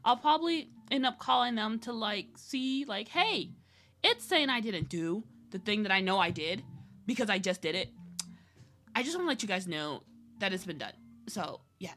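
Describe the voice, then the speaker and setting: A woman's voice: mid-range voice, big pitch swings, moderate pace, fairly bright tone. A young adult woman chatting casually on her art livestream, laughing often with nervous, giggly energy. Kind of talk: casual chat while drawing.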